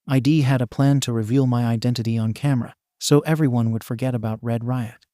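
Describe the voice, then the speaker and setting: A man reading the part of a caring young partner who explains things plainly and gently, in a mellow voice. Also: mid-range voice, steady tone, a little fast, no echo, clean studio sound, close to an everyday voice. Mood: explaining.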